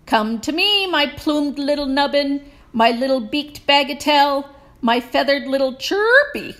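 A woman voicing an excitable male composer in a storybook, lilting and fond. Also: high-pitched, unhurried, pitched above the performer's own voice. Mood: doting. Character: excitable eager male composer, small man.

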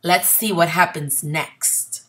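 A woman teacher reading a picture book aloud to children, pausing to ask questions about the illustrations in an expressive storytelling manner. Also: fairly low pitch. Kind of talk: read-aloud lesson.

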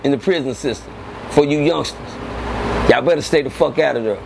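A man telling stories from prison in a casual interview, animated and profane, often repeating words. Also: medium pitch, brisk, gravelly. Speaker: interview guest. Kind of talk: casual storytelling. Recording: noisy background.

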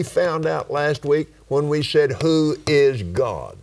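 An older man with a West Texas accent, preaching and teaching in a studio conversation, slow and emphatic, stretching key words and breaking into exclamations of praise. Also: fairly high pitch, expressive, creaky. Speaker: television preacher and host.

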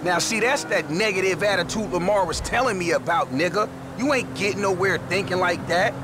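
A man's voice: sits high, brisk, lightly acted. An actor playing a cocky older male gangster just out of prison in a video game, talking with insulting, preachy swagger. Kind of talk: video game cutscene acting. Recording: game audio over engine noise.

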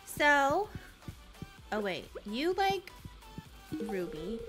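A woman's voice: a little high, sing-song, very slow, pauses often, over music. A young woman chatting casually and giggling as she streams a farming game. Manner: chatty, giggly, easily distracted. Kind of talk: casual gaming livestream chat.

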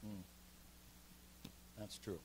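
A pastor runs a seminar in a church meeting room, teaching with emphatic, animated energy and fielding questions from listeners. His speech is extremely slow, and the recording is rough.

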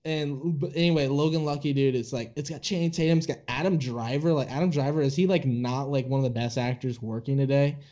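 A man's voice: mid-range voice, steady tone, a little fast, hardly any pauses, dark tone. A young man co-hosting a film podcast, rambling enthusiastically in casual chat, full of "like" and "dude". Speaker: podcast co-host.

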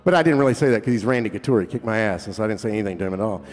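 Rapid-fire and lively in his intonation, this lowish-voiced man is a singer-songwriter joking around with the crowd between songs, cursing without restraint. It's loose stage chatter at a live venue, recorded with hall reverb and a faint guitar underneath.

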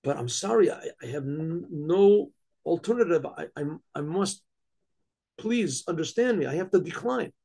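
A man plays a humble woodcutter who stammers and pleads in a husky, gravelly voice. His pitch sits high and strained. A devout everyman from a spoken folk tale. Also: lively intonation, moderate pace, dark tone, exaggerated voice. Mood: pleading. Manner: stammering and pleading, then crying out in defiance.

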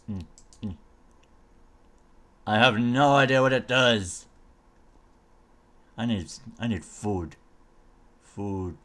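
A man with a medium-pitched, fairly bright voice tries out a game mod, casually commenting, thinking aloud, and mumbling silly noises as he showcases it.

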